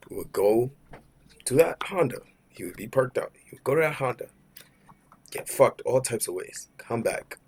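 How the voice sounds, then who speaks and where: A man's voice: on the low side, creaky, a little mellow, husky. Young man ranting a slangy storytime. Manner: slangy and profane, says "bro" constantly; rambling, with many fillers and restarts. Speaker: vlogger telling a work story. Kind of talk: casual storytime rant.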